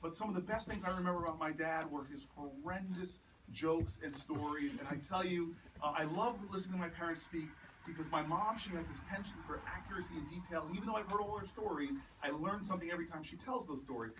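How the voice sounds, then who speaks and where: A man giving a campaign speech with personal stories, an animated storyteller who builds to repeated rallying refrains. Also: a little high, fast, hardly any pauses. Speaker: politician. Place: house party in a home. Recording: distant mic with room noise.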